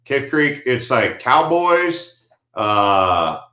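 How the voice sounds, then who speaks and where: A man's voice: mid-range voice, big pitch swings, extremely slow, pushed and bright. Laid-back American man in an echoey room. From United States. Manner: laid-back and slangy, many fillers. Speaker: livestream host answering viewer comments. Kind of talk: casual livestream chat.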